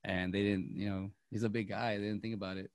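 A man's voice: on the low side, flat delivery, quick pace, darkish tone, dry recording, studio quality. A young man chatting casually about movies on a podcast, rambling with many restarts and fillers. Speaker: podcast co-host.

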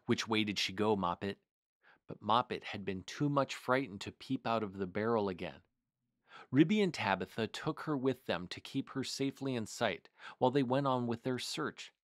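A man hosting a storytime, reading a picture book aloud in a measured, expressive way. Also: mid-range voice, no room sound, clean studio sound. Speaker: storytime host.

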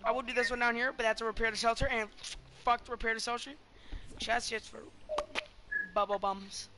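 A woman's voice: a little high, little pitch movement, a little fast. Brash, cursing woman gaming streamer. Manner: profane, joking, loud outbursts. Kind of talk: casual gaming chat. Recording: noisy game stream.

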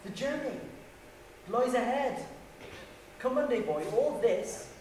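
A man's voice: extremely high pitch, expressive, slow pace, darkish tone, slight background noise, full character voice. A young man playing a cheeky village lad in a student stage play, chatty and laughing, with a put-on West Country accent. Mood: earnest. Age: young adult. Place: college theatre stage. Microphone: far camera. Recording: echoey hall from far off.

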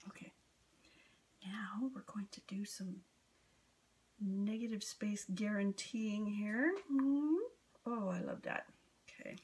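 A woman's voice: medium pitch, takes it slowly, pauses often, darkish tone, slightly rough. A woman artist narrating her painting in a casual, gushing way, often dropping into a whisper, recorded on a camera on a stand. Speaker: acrylic pour artist.

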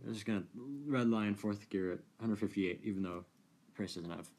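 A man giving casual, amused commentary while playing a racing game, chatty and quick to laugh. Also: fairly low pitch, steady tone, a little mellow. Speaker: gaming video creator.

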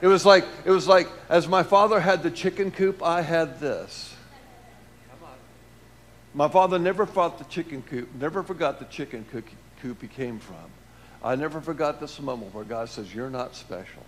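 A man preaching and telling a personal testimony, swinging between loud emphatic lines and hushed low ones. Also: moderate pace, a little hiss or hum. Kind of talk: testimony sermon.

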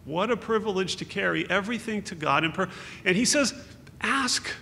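A man's voice: high-pitched, fairly quick, gravelly, pushed and bright. A man giving an earnest, consoling memorial sermon as pastor, quoting scripture. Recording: echoey hall with faint hum.

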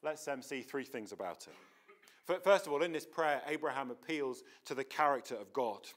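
A man's voice: mid-range voice, lively intonation, moderate pace, fairly bright tone. A man preaching a sermon in a church, earnest and emphatic, often restarting his words.

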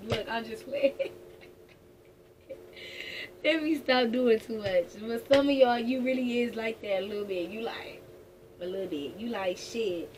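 A woman's voice: on the high side, unhurried, pauses often, darkish tone. A woman giving a casual tarot reading in a blunt, profane, joking way. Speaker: tarot reader. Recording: distant mic with background noise.

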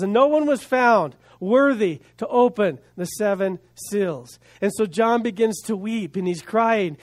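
A male pastor preaching a sermon, building emphasis with rhetorical questions and dropping to quiet asides. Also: high-pitched, unhurried, hardly any pauses.

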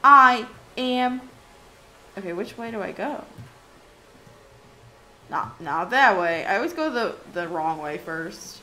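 A woman's voice: on the low side, big pitch swings, unhurried, pauses often, a bit bright, slight background noise. A woman hosting a gaming video, chatting to herself and exclaiming as she plays. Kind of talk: casual let's-play commentary.

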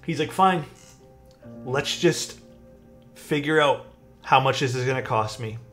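A man's voice: mid-range voice, unhurried. A young man, a streamer casually telling his chat a story and acting out the people in it. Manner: animated, acts out quoted people. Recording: faint music behind.

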